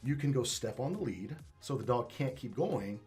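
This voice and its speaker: A man who trains dogs, explaining them in a casual interview and acting out owners and dogs in lively, salty asides. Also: medium pitch, normal speed, soft background music. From Northwest Arkansas. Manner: animated storytelling, acts out dog and owner with swearing. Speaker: dog trainer.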